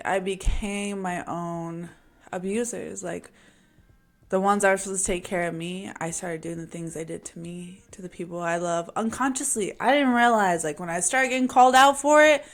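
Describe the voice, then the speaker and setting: A woman speaking to camera about her own life in a candid, confessional monologue. She is emphatic and casual, using slang and sometimes laughing as she talks. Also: on the low side. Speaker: vlogger sharing a personal story.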